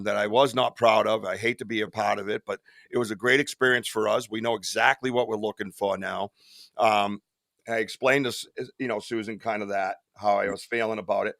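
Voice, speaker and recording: This male podcast host chats live in a rambling, casual way, cursing freely and cracking up at his own tales. His fairly low voice is gravelly yet bright and forward, and he talks briskly. The close mic is dry, with no room sound.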